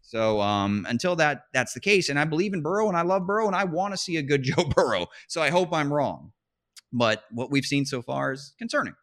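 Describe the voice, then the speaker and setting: A man's voice: on the high side, animated, brisk, fairly bright tone. A man hosting a fantasy football podcast, talking casually and with animation, often restarting his sentences and laughing mid-phrase. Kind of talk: casual sports chat.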